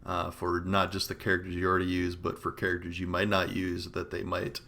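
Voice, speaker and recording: A laid-back man co-hosting a gaming podcast, answering in short, easygoing bits and laughing a lot. His voice is very deep, with a gravelly fry running through it. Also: completely flat delivery, a little fast, sharp tone. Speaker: podcast co-host. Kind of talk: casual gaming podcast chat.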